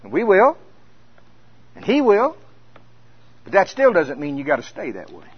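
Male preacher, storyteller who drops quiet then builds loud, muffled lo-fi audio. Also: high-pitched, huge pitch swings, normal speed, slightly rough, dry recording. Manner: storytelling, swings from hushed to loud. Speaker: minister. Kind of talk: conference sermon. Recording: dull lo-fi sound.

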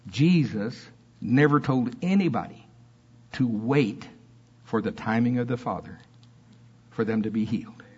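A man preaching a sermon in church with fiery emphasis that drops into soft asides. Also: mid-range voice, husky, highs cut off.

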